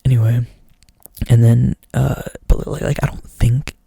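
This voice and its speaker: A man's voice: mid-range voice, flat delivery, unhurried, creaky, dark tone, breathy edge, no echo. A young man doing whispered ASMR storytelling up close to the mic, rambling casually and swearing a lot. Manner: rambling, profane, filler-heavy casual talk. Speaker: ASMR creator.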